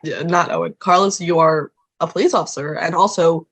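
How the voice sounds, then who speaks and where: A woman co-hosting a podcast, chiming in with quick, playful asides. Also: lowish voice, steady tone, vocal fry. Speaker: podcast co-host. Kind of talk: casual podcast chat.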